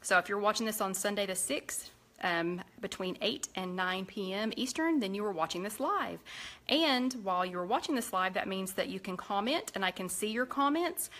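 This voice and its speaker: A cooking show host, a woman with a Southern US accent, chats loosely and ramblingly through a live cooking stream as she cooks and plates food, seemingly in a home kitchen. Her mid-range voice is animated and fairly bright, at a moderate pace.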